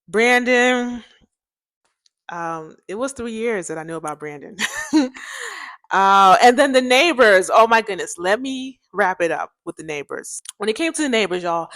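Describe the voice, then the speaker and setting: A woman's voice: medium pitch, no echo, clean studio sound. Chatty young woman telling a story. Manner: chatty, animated, addresses listeners as "y'all", laughs often. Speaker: podcast host. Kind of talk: casual storytelling to listeners.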